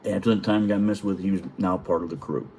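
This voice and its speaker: A middle-aged man, a retired Navy chief, telling profane, chuckling stories in a casual vlog and clearing his throat now and then. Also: low-pitched, steady tone, fast, a little mellow, a little hiss or hum. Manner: profane, chuckling, rambling anecdotes.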